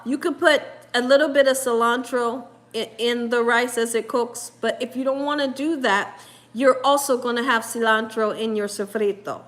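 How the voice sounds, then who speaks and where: A woman's voice: fairly high pitch, a bit bright. A woman hosting a live cooking stream in a casual, chatty way, laughing often and reading viewer comments aloud. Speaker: cooking show host.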